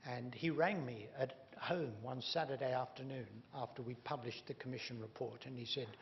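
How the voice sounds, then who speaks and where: A man's voice: medium pitch, moderate pace, vocal fry, hardly any pauses. A man giving a public lecture, emphatic and wry, leaning hard on key words. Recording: dull reverberant hall recording with faint hum.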